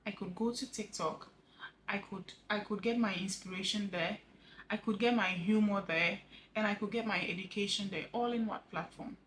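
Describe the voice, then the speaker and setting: A grieving widow talking earnestly to camera in a personal vlog, halting and repeating words, her voice dropping soft at the ends of phrases. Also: mid-range voice, steady tone, slight background noise, poor audio. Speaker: vlogger sharing a personal story. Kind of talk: heartfelt personal vlog monologue.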